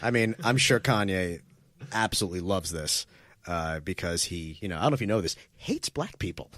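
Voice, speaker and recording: A man's voice: low-pitched, animated, a little fast, a bit bright, dry recording, clean studio sound. Wry, rambling male podcast host. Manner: rambling, wry, self-interrupting. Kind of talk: casual comedy podcast chat.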